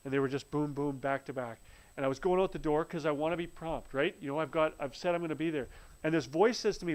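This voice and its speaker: A man's voice: a little high, fast talker, rough recording. A man telling a personal faith testimony in an earnest storytelling way, often restarting his sentences. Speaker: speaker sharing a faith testimony. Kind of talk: live-streamed spoken testimony.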